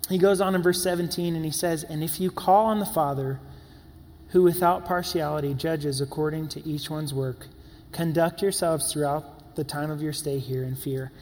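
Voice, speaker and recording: A man's voice: on the high side, fairly even intonation, normal speed, darkish tone, in a large hall, a little hiss or hum, poor audio. A man in his twenties preaching a sermon in a conversational way, with filler words and playful asides. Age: 20s. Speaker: pastor.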